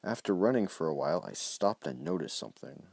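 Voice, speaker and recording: A bewildered young rich boy turned hobo, read out by a man, telling his tale in earnest, flustered bursts. The voice sits a bit lifted over a low base. The sound is dry. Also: animated, a little fast, vocal fry, darkish tone, dry recording, full character voice.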